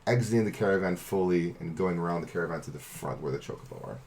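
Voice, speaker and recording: A man narrating as game master of a tabletop game, laid-back and chuckling, with sudden shouted sound effects. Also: low voice, fast talker, slight background noise.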